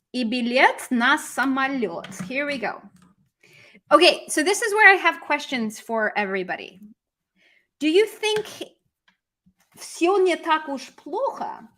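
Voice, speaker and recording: Bright-voiced woman teaching on a live stream. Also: high-pitched. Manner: lively, switches between English and Russian, chats with viewers. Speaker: language teacher. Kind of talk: live-stream language lesson.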